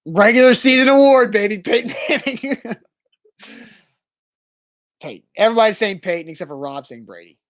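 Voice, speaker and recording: A man co-hosting a casual sports trivia show, eager and quick to guess and banter. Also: high-pitched, expressive, fairly bright tone. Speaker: co-host of a trivia segment.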